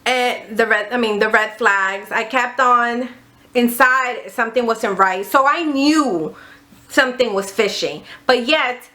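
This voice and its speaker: A woman's voice: on the high side, a little slow, sharp tone. A woman vlogger animatedly retelling a story, acting out the dialogue, candid and exasperated, with some swearing. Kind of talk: casual storytime vlog.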